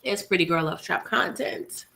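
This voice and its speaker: A young woman with flu, hoarse and congested, casually chatting with live-stream viewers while eating, slangy with laughing asides. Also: fairly low pitch, lively intonation, normal speed, pushed and bright.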